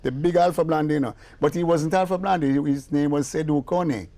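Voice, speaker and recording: Older man, Jamaican accent, fairly high voice, lively storyteller, acts out quoted voices. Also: fairly quick. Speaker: guest musician and producer. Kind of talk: casual storytelling interview.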